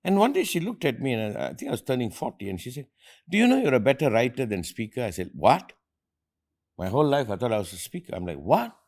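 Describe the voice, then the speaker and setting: A man's voice: mid-range voice, very animated, fast talker, a little mellow. A middle-aged man from India, hosting an earnest motivational talk with his family and repeating phrases for emphasis. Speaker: host and motivational speaker.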